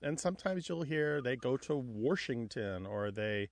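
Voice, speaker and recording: A man's voice: mid-range voice, animated, normal speed, creaky, no echo. A man co-hosting a radio talk show, explaining language points in a lecturing way. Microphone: studio microphone.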